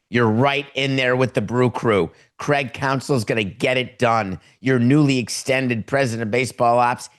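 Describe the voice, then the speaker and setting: A man's voice: lowish voice, fairly bright tone. A middle-aged man hosting a sports podcast, giving opinionated commentary with heavy sarcasm and mock dialogue. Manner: sarcastic, acts out mock phone calls. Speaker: podcast host.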